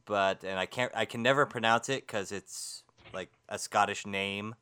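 Smooth-voiced man co-hosting a radio chat. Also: on the low side, normal speed, pushed and bright. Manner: chatty, digressive, stumbles over words. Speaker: paranormal radio co-host.

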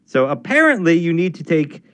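Co-host, male, relaxed banter, quick laughs, lively pitch movement. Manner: easygoing, chatty, laughs readily. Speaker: radio show co-host. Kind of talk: casual radio chat.

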